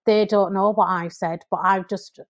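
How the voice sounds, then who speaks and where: An earnest woman with an English accent recounts her story as a podcast guest. Her voice sits at a middle pitch, and she grows animated whenever she quotes someone. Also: moderate pace. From United Kingdom. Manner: earnest, animated when quoting people. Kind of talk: conversational storytelling.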